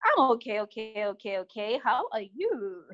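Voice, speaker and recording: A woman's voice: fairly high pitch, sing-song, normal speed, muffled recording. A woman co-hosting a podcast in casual chat, playful and teasing. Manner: playful, teasing, laughs often. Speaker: podcast co-host.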